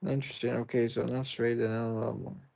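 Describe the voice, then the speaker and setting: A man's voice: medium pitch, flat delivery, brisk, vocal fry, a little mellow. A man with a British accent, streaming a game and chatting loosely with viewers, answering their comments as he plays. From Britain. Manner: rambling, reads and answers viewer comments aloud. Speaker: livestreamer. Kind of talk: casual livestream chat while gaming.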